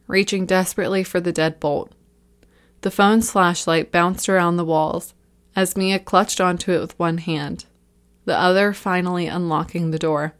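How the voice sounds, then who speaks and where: A woman's voice: lowish voice, clean tone. Woman narrating a horror story.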